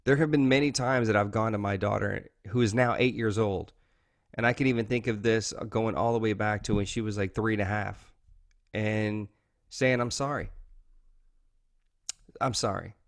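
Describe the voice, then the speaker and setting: A man's voice: lowish voice, steady tone, moderate pace. A man, talking earnestly and openly as an interview guest, often saying "man" and "you know". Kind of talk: candid interview talk.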